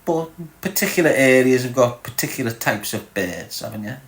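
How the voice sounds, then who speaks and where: A man from Liverpool, England, with a Scouse accent hosts a livestream, reading the chat while teasing viewers and bantering crudely. His voice is medium-pitched and expressive at a moderate pace, with a faint hiss or hum. The room sounds echoey.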